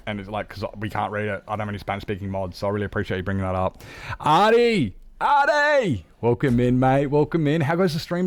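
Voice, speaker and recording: A man chatting casually on a live game stream, rambling and joking, with sudden high, excited greetings. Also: gravelly.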